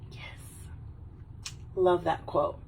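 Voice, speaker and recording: A woman vlogger chatting casually while a little drunk, rambling, swearing freely and slipping into quick silly voices. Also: darkish tone, far from the mic, a little hiss or hum, rough recording. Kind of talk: casual tipsy chat.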